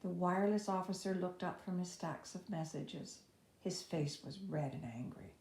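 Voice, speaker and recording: A woman's voice: moderate pace, a little mellow. A woman reading a children's chapter book aloud, lifting her voice for the characters' lines. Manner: voices each child's lines with raised pitch and energy. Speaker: storybook reader. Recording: echoey room.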